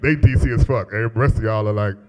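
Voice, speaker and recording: A man in his thirties with a deep voice, doing a profane, animated stand-up comedy set on a club stage into a handheld mic. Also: fast talker, clean tone, rough recording. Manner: profane, animated storytelling with exaggerated quoted voices.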